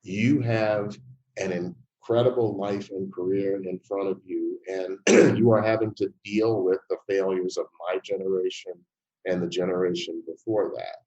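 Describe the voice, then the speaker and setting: An older man giving an interview answer in a measured, emphatic way, telling anecdotes. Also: sits low, fairly even intonation, a little mellow, dull audio. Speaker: interview guest, filmmaker.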